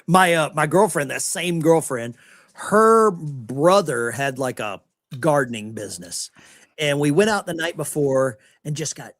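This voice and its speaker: A man's voice: a little high, lively intonation, unhurried, a bit bright, no echo. A middle-aged American man telling anecdotes in casual podcast chat and acting out the people he quotes. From United States. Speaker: podcast host.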